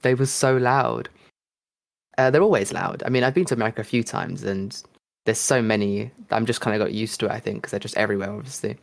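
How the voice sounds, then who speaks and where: A man from the United Kingdom hosting a podcast, chatting casually in quick rambling bursts with lots of fillers. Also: lowish voice, creaky. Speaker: podcast host. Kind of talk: casual chat.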